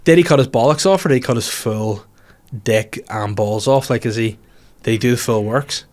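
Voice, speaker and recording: A young man with a Northern Irish accent hosting a podcast, telling a funny story in casual chat, laughing often and jumping into high mock voices to quote people. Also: normal speed, a little mellow. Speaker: podcast host.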